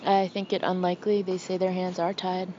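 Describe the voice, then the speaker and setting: A woman voicing an older male senior lawyer, jolly but gruff, speaking in a formal, measured, clipped way. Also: fairly low pitch, level tone, warm tone, muffled recording, slight background noise, natural voice. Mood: understated.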